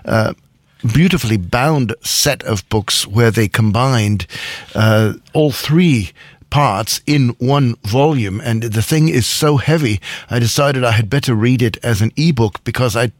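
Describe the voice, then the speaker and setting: A man's voice: mid-range voice, measured pace, dry recording. A man co-hosting a radio rock show, chatting casually, rambling and correcting himself with chuckles.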